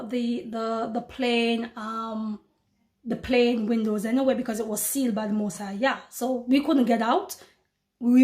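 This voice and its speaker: A woman's voice: fairly high pitch, a little mellow. A woman giving a spoken religious testimony in an earnest, repetitive way, calling her listeners brothers and sisters.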